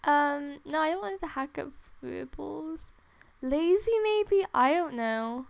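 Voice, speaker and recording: A young woman giving casual, excitable commentary while playing a game late at night. She is tired but gushing and giggly, and often squeals. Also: sits high, slow, gravelly. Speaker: gaming video creator. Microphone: desktop USB microphone.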